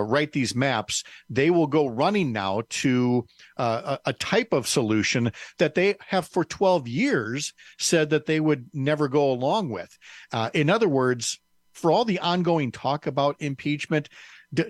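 A man co-hosts a political talk show. He reasons through his points with pauses and small fillers. The sound is close and dry. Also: mid-range voice, no echo. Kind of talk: political talk radio discussion.

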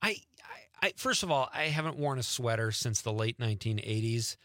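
A man's voice: medium pitch, expressive, bright, forceful tone, no room sound, clean studio sound. A man hosting a radio show, chatting casually and cheerfully with a guest. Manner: upbeat, chatty, quick to laugh. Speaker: radio host.

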